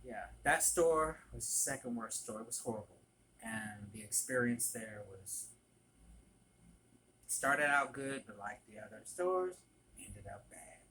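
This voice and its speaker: A man's voice: mid-range voice, slow pace, long pauses, pushed and bright, slight background noise, low-quality recording. A man telling casual stories to camera in a chatty, gossipy way, with many ums. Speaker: vlogger, former barista.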